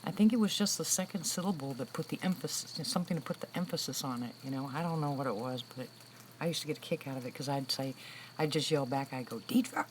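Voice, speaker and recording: Woman, 60s, low voice, livestream host, chatty storyteller, faint background noise. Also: quick pace, poor audio. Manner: chatty, storytelling, laughs often. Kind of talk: casual chat with viewers. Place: room with a loud air conditioner.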